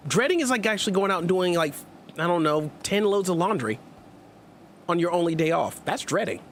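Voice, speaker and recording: A man's voice: sits high, expressive, fairly quick, fairly bright tone, slight background noise. A man streaming gameplay, chatting casually and joking with his viewers as he reads their messages aloud. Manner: playful, jokey, sarcastic asides. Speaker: let's play streamer. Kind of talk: casual gameplay commentary with chat.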